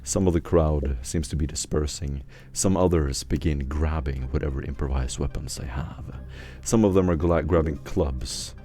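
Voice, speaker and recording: A man narrating a tabletop game as game master, describing scenes in an unhurried way with fillers. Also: rumbling low, warm tone, soft background music.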